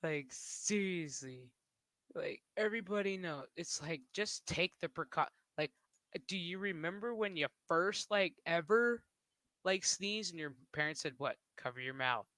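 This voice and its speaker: A man's voice: high voice, unhurried, sharp tone, dry recording. A man streaming who talks in a rambling, casual way, swearing and laughing often. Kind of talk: casual livestream chat.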